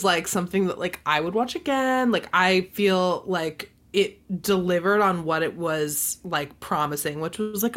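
A woman's voice: fairly low pitch, a bit bright. A woman co-hosting a podcast, chatting casually and emphatically, with many "like"s. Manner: chatty, emphatic, says "like" often. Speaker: podcast co-host. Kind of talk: casual chat.

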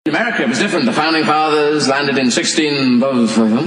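A man's voice: fairly high pitch, fairly quick, heavy reverb, heavy background noise. A man doing sardonic stand-up comedy, played from a live show with the audience laughing. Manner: sardonic, wry, acts out voices. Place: large venue with audience.

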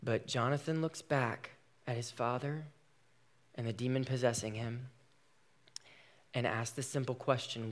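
A man's voice: mid-range voice, steady tone, measured pace, pauses often. A man preaching a sermon, retelling a story with dramatic, emphatic delivery.

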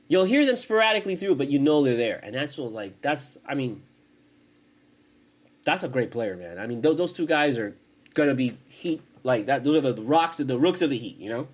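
A man's voice: medium pitch, animated, moderate pace. A young man hosting a casual podcast from his home, rambling and cursing, with many false starts. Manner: profane, rambling, frequent restarts. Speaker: podcast host.

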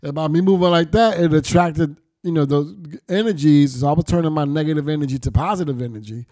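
A man's voice: fairly high pitch, quick pace, mellow, no room sound, clean studio sound. A middle-aged man telling his life story candidly, blunt and profane, with street slang and reflective turns. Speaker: storyteller recounting his past.

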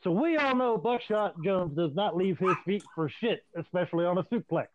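A man casually swapping profane stories in an animated, storytelling way. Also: high voice, normal speed, noisy background. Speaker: podcast host. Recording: dry, tinny phone-like line.

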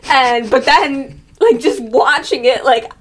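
Young woman, podcast co-host, casual chat, rambling, animated, slightly high-pitched. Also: slow, slight background noise.

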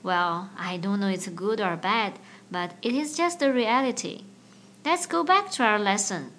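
A woman hosting a language-learning podcast, teaching in a clear, slow, playful way. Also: medium pitch, fairly bright tone, slight background noise. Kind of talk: scripted language lesson.

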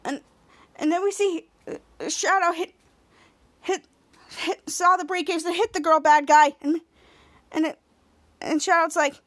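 A woman hosting a podcast, retelling a TV episode in a rambling way with many halting restarts, and acting out the characters' lines in animated voices. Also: extremely high pitch. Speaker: podcast host. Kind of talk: casual episode recap.

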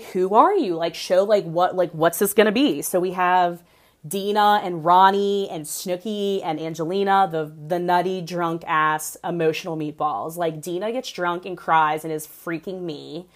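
A woman's voice: lowish voice, moderate pace. Gossipy young woman recapping reality TV. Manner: gossipy, animated, heavy use of "like".

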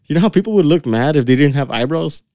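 A man's voice: on the high side, animated, fast, dark tone, no echo, studio quality. A young man trading crude jokes as a podcast co-host, laughing often and calling his friend "fool". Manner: laughs a lot, slangy, says "fool". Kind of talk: crude casual banter.

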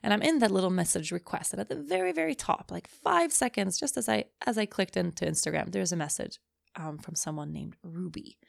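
A middle-aged woman talks straight into a close podcast mic, candid and swearing freely, still teary from crying. Her voice sits a little low and crackles with deep, constant fry. The sound is dry and intimate, with no room around her. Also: expressive, a little fast, no echo. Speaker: podcast host. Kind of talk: emotional personal podcast monologue.

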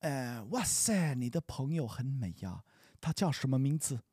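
A man's voice: medium pitch, very animated, moderate pace, dark tone, breathy edge, no room sound, studio quality. A man reading the part of a nosy young man in a practice dialogue, asking eager, pushy questions.

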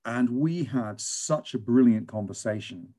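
A British man, a teacher and guest, telling lively stories in a conversational interview. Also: medium pitch, measured pace. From England. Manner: animated storyteller, lively and emphatic.

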